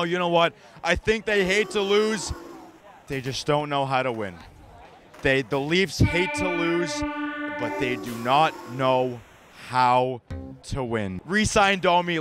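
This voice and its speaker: Man, high voice, comedic fan rant, profane, shouting bursts, music behind. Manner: swearing, shouting outbursts, mock heartbroken. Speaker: ranting hockey fan host.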